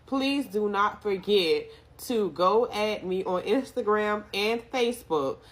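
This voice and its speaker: A woman telling her own story in a casual, animated way, speaking straight to her viewers. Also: mid-range voice, slow.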